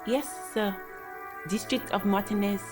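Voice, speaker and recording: A woman's voice: medium pitch, steady tone, unhurried, close to an everyday voice. A woman voicing a polite, matter-of-fact dispatcher. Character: polite adult woman dispatcher giving directions. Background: game music.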